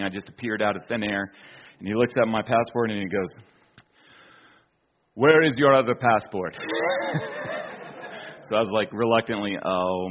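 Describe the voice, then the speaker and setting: A man's voice: medium pitch, highs cut off. A man from the United States giving a casual illustrated talk, telling a travel story with many fillers and restarts. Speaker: speaker presenting an archaeology slideshow.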